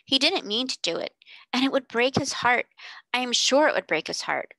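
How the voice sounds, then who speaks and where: A woman's voice: on the high side, expressive, normal speed, no echo, voice pushed up, low-quality recording. A woman voicing a serious, earnest little girl in a storybook reading. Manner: serious, gently scolding.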